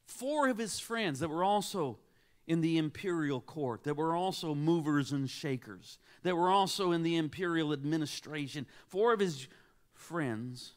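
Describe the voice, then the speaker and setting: A man in his sixties gives a sermon as a guest preacher. His voice sits high for a man. He tells the story dramatically, sinking to near whispers and then building to emphatic peaks. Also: a bit bright.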